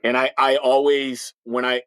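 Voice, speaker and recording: Telling candid stories in an interview, a man in his fifties who retired from the police sounds blunt and emphatic, with a slight lisp, frequent restarts, and repeated words at sentence openings. His delivery is flat and measured, medium-pitched, fairly bright, clear and resonant. The recording is dry and rough.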